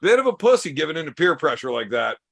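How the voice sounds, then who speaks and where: A man's voice: fairly high pitch, sing-song, quick pace, gravelly. A man hosting a podcast in casual chat, teasing his guest with crude, profane banter. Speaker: podcast host.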